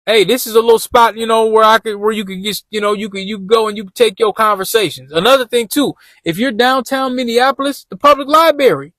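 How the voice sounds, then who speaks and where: A high-pitched man talks casually from his car, looping back over his points in easygoing street slang. The sound is dry and close, with no room echo. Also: a little fast, hardly any pauses, fairly bright tone. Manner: loose, repetitive street slang, addresses viewers as y'all. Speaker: vlogger giving job-interview tips. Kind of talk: casual talk while driving.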